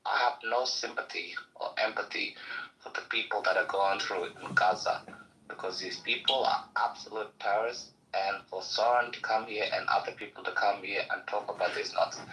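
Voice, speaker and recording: Guy on a debate panel, kinda low voice, blunt and sweary, keeps pressing his point. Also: fairly quick, bright, forceful tone, slight background noise, poor audio. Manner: blunt, profane, insistent. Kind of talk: heated debate.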